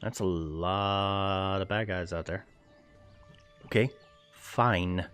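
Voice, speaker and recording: A man with a fairly low voice plays a strategy game and talks over it in an easygoing, chatty way. He reads the on-screen text aloud, then muses through his choices with jokey asides. Quiet game music runs underneath. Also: fairly even intonation, slow pace, clean tone. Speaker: let's play gamer. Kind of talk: casual gameplay commentary, reading game text aloud.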